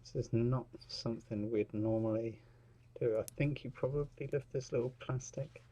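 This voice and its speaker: A man's voice: medium pitch, steady tone, normal speed, dark tone. A man narrating his repair work in a workshop, chatty and commenting as he works. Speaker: repair technician. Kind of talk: narrating a repair while working.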